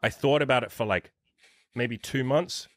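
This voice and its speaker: A man's voice: mid-range voice, moderate pace, a bit bright, no room sound. A man in his thirties hosting an interview as a dating coach, talking bluntly with plenty of swearing. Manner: blunt, profane, emphatic. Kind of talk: casual interview chat.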